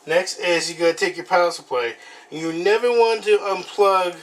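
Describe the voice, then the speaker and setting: Man hosting a casual home vlog, slightly high voice, halting and rambling, noisy camera-mic audio. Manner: rambling, halting, apologetic, with many fillers. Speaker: video host.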